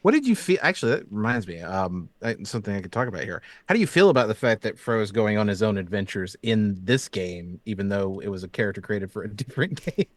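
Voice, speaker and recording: A man's voice: on the low side, very animated, fast talker, few pauses, dry recording. A man acting as game master, chatting easily about his tabletop game and laughing as he talks. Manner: easygoing, laughs while talking.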